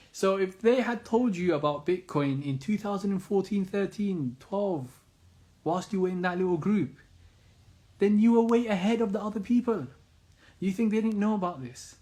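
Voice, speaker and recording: Earnest male commentator with a somewhat high voice, pressing his point with repeated rhetorical questions. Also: mellow. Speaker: Islamic commentator. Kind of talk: earnest monologue.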